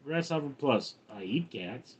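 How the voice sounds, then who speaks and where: Slow deadpan older man reading chat. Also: medium pitch, breathy edge. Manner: reads viewer comments aloud, dry and deadpan. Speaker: livestream host reading chat. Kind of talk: casual livestream chat.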